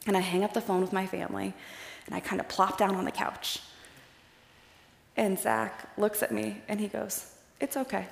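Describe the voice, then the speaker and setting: A woman's voice: medium pitch, gravelly. A young woman from Iowa giving a personal, chatty faith talk in a storytelling way, speaking with slides in a large hall. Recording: echoey hall with long reverb.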